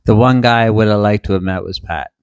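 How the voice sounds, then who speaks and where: A man's voice: on the low side, quick pace, clear, resonant tone, no room sound. A man co-hosting a casual podcast chat, easygoing and joking, with lots of fillers. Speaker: podcast co-host.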